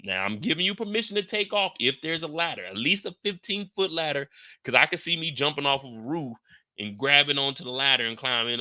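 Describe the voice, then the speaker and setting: A man's voice: medium pitch, pushed and bright, no room sound. A man giving a casual, joking and profane recap of a TV episode as host.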